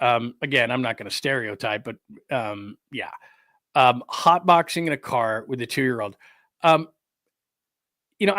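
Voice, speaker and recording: A middle-aged man hosting a podcast, ranting in a rambling, exasperated way with lively asides. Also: medium pitch, no echo, clean studio sound. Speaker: podcast host. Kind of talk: casual ranting commentary.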